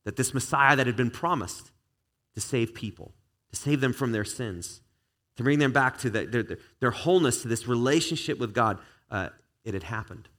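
A man preaching a conversational sermon to a live congregation, relaxed and chatty with frequent restarts. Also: mid-range voice, moderate pace. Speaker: pastor. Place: church service before a live congregation.

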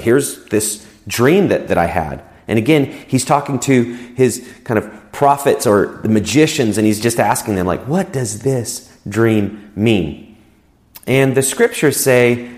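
A man's voice: mid-range voice, a little mellow. A man giving a conversational sermon as a pastor, explaining scripture in an easygoing way and often repeating words as he goes.

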